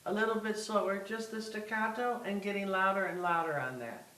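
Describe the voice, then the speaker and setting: A woman's voice: medium pitch, brisk, roomy sound, far from the mic, rough recording. A woman music teacher coaching a student in a masterclass, patient and giving step-by-step instructions over a video call.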